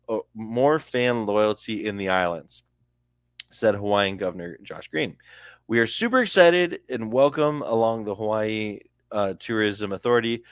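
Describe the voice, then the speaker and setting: A young Canadian-accented man talks through a sports news article in a loose, chatty way, tripping over place names and adding asides. His pitch sits in a middle range. The sound is dry and close to the mic. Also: no room sound. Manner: chatty, laughs at own slips, stumbles over names. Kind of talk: casual commentary reading an article aloud.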